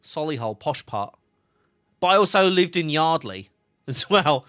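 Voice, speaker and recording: A man's voice: on the high side, big pitch swings, measured pace, pauses often, fairly bright tone, clean tone, no echo, studio quality. A man, chatting casually on a game livestream, laughing often and reading chat aloud. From England. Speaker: game streamer.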